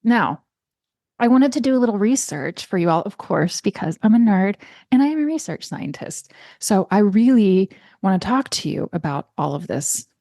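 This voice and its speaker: A woman's voice: very animated, normal speed, dry recording, studio quality. A woman hosting her own podcast from home in a casual, chatty way, from the United States. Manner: warm chatty, lapses into high baby-talk to her cat. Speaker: podcast host. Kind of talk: casual solo podcast chat. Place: small room at home.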